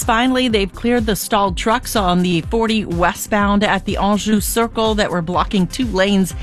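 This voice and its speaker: A woman reading a radio traffic report in a brisk, matter-of-fact way. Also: medium pitch.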